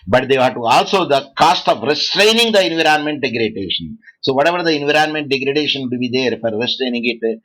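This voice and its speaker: A man from India, giving a law lecture to students, halting often and quizzing the class. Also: medium pitch, a bit bright, low-quality recording. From South India.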